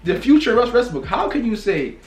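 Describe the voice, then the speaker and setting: A man in a casual rant to camera, talking bluntly and repetitively, swinging from loud exclamations to low mutters. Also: lively intonation, fairly quick, echoey room. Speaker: vlogger.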